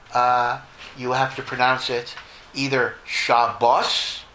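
A man speaks as a rabbi fielding a question from his community. His voice is bright and ringing, his delivery thoughtful and animated as he drops Hebrew and Yiddish terms into plain speech. A faint background hum sits under the talk. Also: medium pitch, poor audio. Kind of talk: informal Q&A talk.

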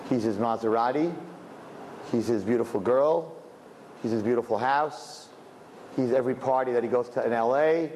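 A man in his fifties telling a story in a religious talk, swinging between quiet asides and loud emphatic bursts. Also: mid-range voice, moderate pace. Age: 50s. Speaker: religious teacher. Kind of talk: storytelling lecture. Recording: echoey hall with faint background noise.

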